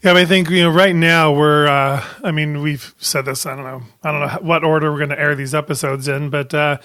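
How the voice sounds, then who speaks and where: A man co-hosting a podcast in a small studio, chatting casually and rambling, quick to laugh. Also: on the high side, fairly even intonation, bright, forceful tone, no echo. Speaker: podcast co-host.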